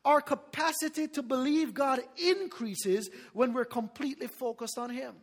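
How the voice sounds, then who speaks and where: High-voiced preaching man. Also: normal speed, big-room sound. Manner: animated preaching with laughter and call-and-response. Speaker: pastor. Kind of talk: sermon.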